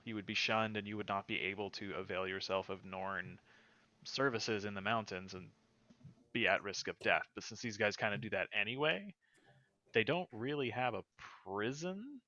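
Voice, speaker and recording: A man acting as game master, explaining the rules of the game world in a halting way, often repeating words. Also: fairly low pitch, bright, forceful tone. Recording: muffled lo-fi audio.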